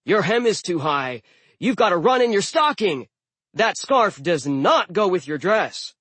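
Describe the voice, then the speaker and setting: A prissy little dwarf hurling indignant fashion critiques in a raised, sharp voice, as a man puts him on. He scolds loudly in a storybook reading. The voice sits close in a dry booth. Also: high voice, very animated, measured pace, slightly rough, dry recording, voice pushed up, full character voice.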